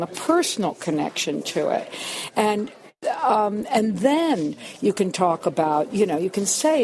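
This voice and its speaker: An older woman from New York, a cabaret singer being interviewed, telling emphatic stories with many restarts. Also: mid-range voice. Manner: animated storyteller, emphatic, frequent restarts. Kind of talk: conversational interview, anecdotes.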